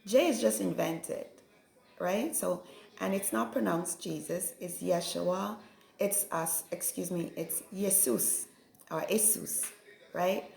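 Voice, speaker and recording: A woman's voice: mid-range voice, unhurried, creaky, darkish tone. A woman giving a reflective, preachy spiritual monologue and often checking in with "right?". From Caribbean. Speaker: spiritual vlogger. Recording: echoey room with faint music.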